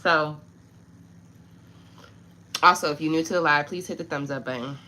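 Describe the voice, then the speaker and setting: Livestream host, female, low-pitched, chatty and exasperated, addressing the audience; noisy home recording with clicks. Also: normal speed. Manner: chatty and frustrated, addressing viewers directly. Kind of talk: casual live chat with viewers.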